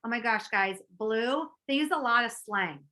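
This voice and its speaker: Bubbly high-voiced woman trainer. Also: lively intonation, moderate pace, bright, forceful tone, poor audio. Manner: bubbly, chatty, lots of fillers and quoted asides. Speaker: network marketing trainer. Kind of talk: motivational talk to an audience.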